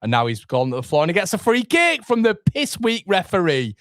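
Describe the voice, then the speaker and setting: A man hosting a live football watchalong, reacting anxiously and in exasperation, sometimes swearing and shouting at players. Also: sits high, huge pitch swings, fairly quick, no room sound, clean studio sound. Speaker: fan watchalong host. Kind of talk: live football fan commentary.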